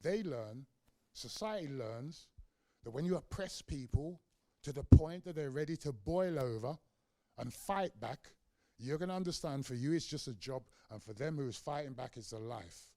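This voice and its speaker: A man's voice: medium pitch, lively intonation, normal speed, dark tone, no room sound. A man in his sixties with a London accent gives a public lecture, telling stories with passion and acting out the dialogue. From London, England. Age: 60s. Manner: passionate storytelling, acts out dialogue. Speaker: community activist lecturer. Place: lecture room.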